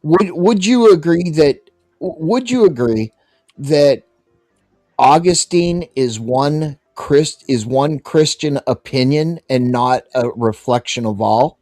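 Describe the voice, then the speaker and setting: A man in a live debate, pressing questions in a halting way. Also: on the high side, animated, darkish tone, no echo, soft background music. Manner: halting, questioning, restarts often. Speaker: debate caller. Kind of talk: argumentative debate.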